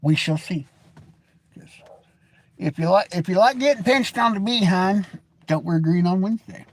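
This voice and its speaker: Seated at a webcam or phone camera, a US man in his forties vlogs in a meandering, joking, blunt way. His voice is high-pitched, and he talks at a moderate pace.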